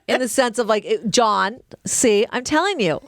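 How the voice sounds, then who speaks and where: Animated, swearing woman telling a story. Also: on the high side, no room sound, clean studio sound. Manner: animated, profane, emphatic storytelling. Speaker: podcast co-host. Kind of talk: casual chat.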